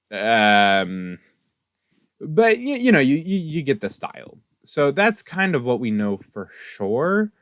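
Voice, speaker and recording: A young man casually recapping a game story, rambling with many fillers and restarts, jumping between excited high notes and soft asides. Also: no echo. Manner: rambling, filler-heavy, self-correcting; animated storyteller with sudden pitch jumps and soft asides. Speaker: Minecraft server player recapping lore.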